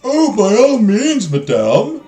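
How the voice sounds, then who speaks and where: A man voicing a pompous, loud, wealthy French gentleman with a put-on French accent, boasting slowly in a booming voice. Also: wildly swooping pitch, full character voice. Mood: boastful. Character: pompous loud rich male French patron. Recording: roomy echo, faint music.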